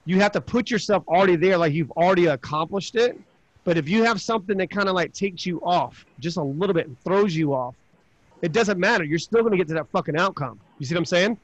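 Fast-talking emphatic podcast host. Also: male voice, high voice, lively intonation, dry recording, lo-fi sound. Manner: emphatic, coaching, swears. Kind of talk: casual podcast chat.

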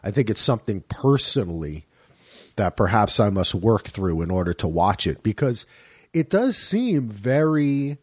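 A man from New Jersey hosting a casual group chat over a call, lively and quick to laugh. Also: lowish voice, no room sound. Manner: lively, animated, laughs easily. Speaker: podcast host. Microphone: home microphone on a call.

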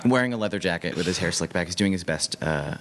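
A man's voice: sits low, lively intonation, fast talker, a bit bright. A man co-hosting a casual film review chat, rambling and exasperated. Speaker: podcast co-host.

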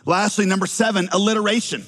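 A man's voice: high voice, fairly even intonation, fast talker, fairly bright tone, big-room sound. A middle-aged male pastor with a slight Southern accent, preaching a sermon with wry, teasing asides to the congregation.

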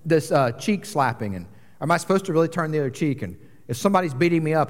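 A man's voice: fairly high pitch, lively intonation, very fast. A man in his forties giving a sermon, telling a personal story in a conversational way with frequent asides. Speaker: pastor. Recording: long hall reverb.

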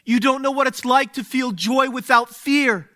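A man preaching a sermon, speaking slowly and deliberately, dropping to a hush and then rising to exclaim. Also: very high voice. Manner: slow, deliberate, swings from hushed to exclaiming.

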